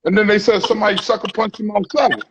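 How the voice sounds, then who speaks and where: A man's voice: high-pitched, steady tone, fast, a bit bright, rough recording. A man hosting a casual talk, telling a story with lots of profanity and quoted dialogue. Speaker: podcast host.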